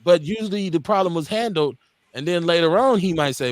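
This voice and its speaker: A man's voice: high voice, fairly quick, no room sound. A man in his forties from Milwaukee, hosting a casual talk radio show, blunt and profane, acting out the people in his stories. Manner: animated storyteller, acts out quotes.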